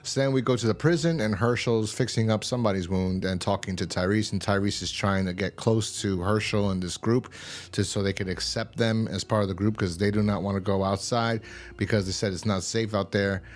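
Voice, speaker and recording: A man's voice: fairly low pitch, fairly even intonation, a little fast. A man casually recapping a TV episode as a reviewer, rambling and slangy with lots of fillers. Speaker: TV show reviewer.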